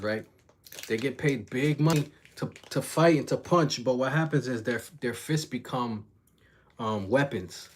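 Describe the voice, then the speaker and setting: A young man chats loosely on a livestream, piling on profane slang as he retells a story. He jumps into quick impressions of other people mid-sentence, and his voice sits at an ordinary middle pitch. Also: slightly rough. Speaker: reaction vlogger. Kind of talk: casual livestream commentary.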